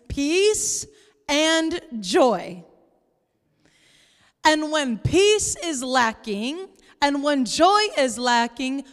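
Woman, pastor, high voice, animated, playful sermon, long church reverb. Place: church sanctuary.

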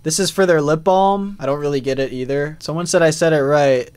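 Chatty male streamer, slightly high voice. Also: brisk, a little mellow, smooth. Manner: chatty, reads out chat and poll results, frequent fillers. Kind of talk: casual live-stream commentary.

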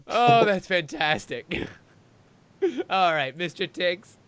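A man's voice: high voice, animated, takes it slowly, fairly bright tone, clear, resonant tone. A man hosting a live party-game stream, reacting with enthusiastic laughter. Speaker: stream host.

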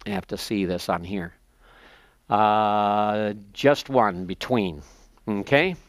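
A man in a seminary lecture, explaining texts step by step, slowing down to spell out terms and page numbers, thinking aloud as he checks his notes. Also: medium pitch, fairly bright tone, dry recording. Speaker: seminary professor. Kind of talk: classroom lecture.

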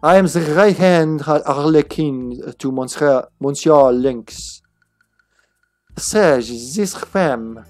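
A man's voice: fairly high pitch, takes it slowly, darkish tone, soft background music. A man voicing a flirty, scheming female jester with a put-on French accent while reading game dialogue aloud. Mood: sly. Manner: sly, purring, theatrical.

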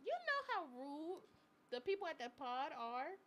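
A young adult woman co-hosts a live chat stream, telling stories chattily with slang and lots of laughter. Her voice sits high and is very animated yet unhurried, with background noise present.

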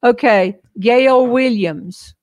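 A woman's voice: a little high, drawn-out words, a little mellow. An older woman with a Southern US accent hosting a casual live-stream chat, folksy and chatty, laughing often. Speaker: host.

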